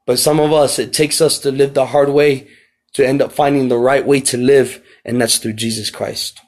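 A man preaching a podcast sermon with passion, repeating phrases for emphasis and rising toward near shouts at key lines. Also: mid-range voice, steady tone, moderate pace. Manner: impassioned, rising to near shouts when reading scripture.

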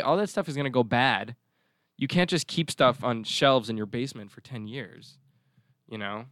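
A man's voice: mid-range voice, fairly quick, fairly bright tone, no echo, studio quality. A man hosting a podcast, talking in a rambling, jokey, digressive way. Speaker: podcast host. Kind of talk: casual chat.

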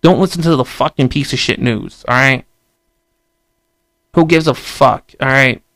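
A man's voice: medium pitch, measured pace, a bit bright, no echo. A young man giving an emphatic, profanity-filled rant to camera, stammering and repeating himself. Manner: profane, repetitive, emphatic ranting; stammering restarts. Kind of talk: casual vlog rant.

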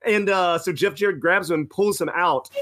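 A man's voice: high-pitched, moderate pace, a bit bright. A young man co-hosting a casual podcast, telling rambling anecdotes with lots of self-corrections. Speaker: podcast co-host. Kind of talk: casual storytelling.

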